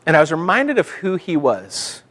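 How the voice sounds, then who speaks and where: High-voiced pastor preaching in church. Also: male voice, big pitch swings, normal speed, a bit bright. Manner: conversational with self-deprecating humor; builds to fervent exhortation. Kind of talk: sermon.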